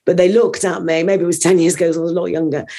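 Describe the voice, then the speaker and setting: A woman, a trainer guest on an interview show, telling a long story in a rambling, animated way with many fillers. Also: fairly low pitch, very fast.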